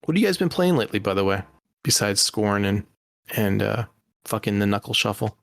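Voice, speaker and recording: Laid-back low-voiced podcast host. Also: male voice, animated, brisk, vocal fry, fairly bright tone, dry recording, clean studio sound. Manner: laid-back, laughing, steering the talk. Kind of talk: casual comedy podcast chat.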